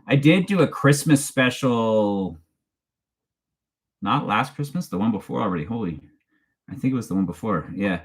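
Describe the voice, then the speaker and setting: A man's voice: fairly low pitch, expressive, normal speed, pauses often. A man, hosting a casual live-stream chat in a rambling, chatty way and laughing often as he reads viewer questions aloud. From Canada. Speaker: true crime channel host.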